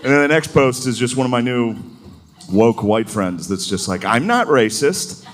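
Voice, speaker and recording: A man with a mid-range voice performs stand-up at a moderate pace, swearing freely and putting on mocking voices. The audience laughs along in the club, and their noise is part of the live recording.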